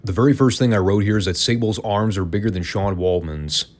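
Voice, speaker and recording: A man's voice: lowish voice, fairly quick, darkish tone. A man hosting a podcast, giving a casual, opinionated and sarcastic wrestling review. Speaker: podcast host.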